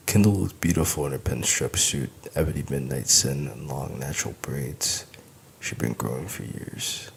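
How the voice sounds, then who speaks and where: A man's voice: very deep voice, normal speed, creaky, slightly rough. A man narrating an audiobook in the first person, with wry, weary humor.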